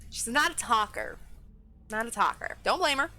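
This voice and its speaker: A woman's voice: a little high, lively intonation, moderate pace, pushed and bright. A woman streaming a horror game, chatting casually and thinking aloud as she plays. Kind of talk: casual let's-play commentary.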